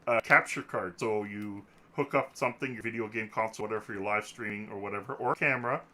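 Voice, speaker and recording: A man's voice: lowish voice, fast talker, bright, forceful tone. A man hosting a casual podcast, joking and rambling, laughing often, talking into a desk microphone. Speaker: podcast host.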